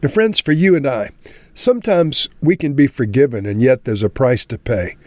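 A man's voice: medium pitch, normal speed, dry recording. Guy teaching a bible chapter, earnest, calls everyone friends, dry close sound. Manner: earnest, addresses listeners as friends. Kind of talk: devotional Bible teaching ending in prayer.

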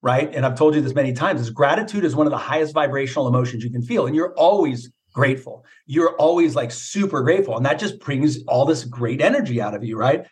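A man's voice: mid-range voice, lively intonation, quick pace, few pauses. A middle-aged man, a mindset coach, talking casually and emphatically, coaching with rhetorical questions. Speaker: mindset coach, podcast guest. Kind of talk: casual motivational talk.

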